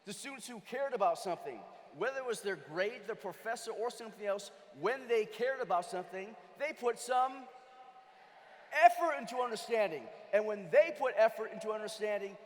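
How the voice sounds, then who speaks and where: A man giving an energetic motivational keynote, firing questions at the audience and often raising his voice to a shout. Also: high voice, normal speed. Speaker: keynote speaker. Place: large convention hall. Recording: long reverb of a big hall.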